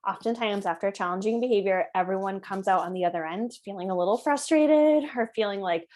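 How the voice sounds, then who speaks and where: A woman teaching parents in a calm, conversational way, often checking in with the listener. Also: mid-range voice, fairly quick. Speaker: parenting educator. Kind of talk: explanatory talk to parents.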